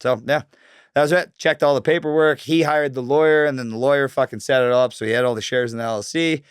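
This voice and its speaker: A man's voice: mid-range voice, fairly even intonation, fast talker, clear, resonant tone, dry recording, studio quality. A man from Northern Canada, telling a story as a podcast guest in a laid-back, heavily cursing way. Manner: laid-back, heavy swearing, fillers like "like". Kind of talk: casual storytelling.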